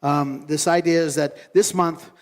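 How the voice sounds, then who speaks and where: A man's voice: on the high side, fairly even intonation, unhurried. A man preaching a conversational sermon as a pastor, telling a funny personal story in a casual, self-mocking way and laughing often. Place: church hall. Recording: long hall reverb.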